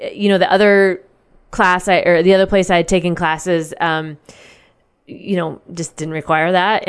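A woman's voice: medium pitch, clean tone. A woman hosting a show, telling a personal story to her listeners in a candid, casual way with lots of fillers and the odd swear word.

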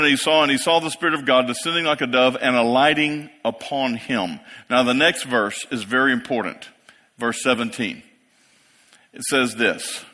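Man in his 50s preaching in a big church, bright voice with long hall echo, keeps asking the crowd "yes?". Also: medium pitch, normal speed. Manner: preaching, rising to emphatic peaks, asks congregation "yes?". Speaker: pastor. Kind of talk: sermon. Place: church sanctuary. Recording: long reverb of a large hall.

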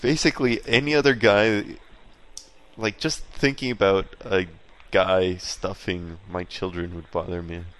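A man's voice: low voice, steady tone, measured pace, a bit bright. A man co-hosting a casual comedic podcast chat, blunt and laid-back, laughing often. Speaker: podcast co-host.

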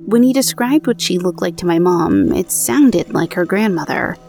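Low-voiced woman reading ghost stories. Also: lively intonation, normal speed, creaky, darkish tone, soft background music. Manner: conversational, self-deprecating asides. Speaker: podcast host. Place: home recording booth.

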